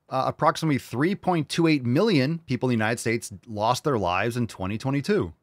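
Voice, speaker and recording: A man's voice: medium pitch, a little fast, hardly any pauses, no room sound, studio quality. A man hosting a casual reaction show, talking bluntly and sarcastically with plenty of swearing. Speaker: show host.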